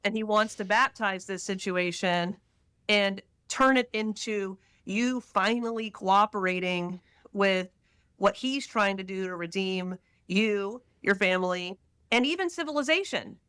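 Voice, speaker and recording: A woman's voice: medium pitch, a little slow, fairly bright tone, clean tone, no room sound. A middle-aged woman from Texas, a podcast guest who tells stories animatedly and now and then slips into quoted voices. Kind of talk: casual conversational interview.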